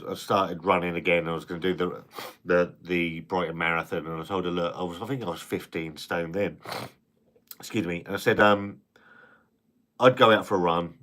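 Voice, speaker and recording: Low-voiced man rambling on a live stream. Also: a bit bright. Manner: rambling, frequent restarts and casual swearing. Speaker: live-stream host reading viewer comments. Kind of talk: casual live-stream chat.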